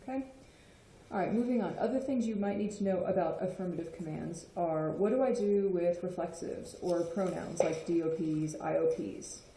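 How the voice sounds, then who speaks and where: A woman's voice: fairly low pitch, moderate pace, dark tone. A woman explaining Spanish grammar in a patient lesson, often checking in with "okay?". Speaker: Spanish teacher. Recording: echoey room.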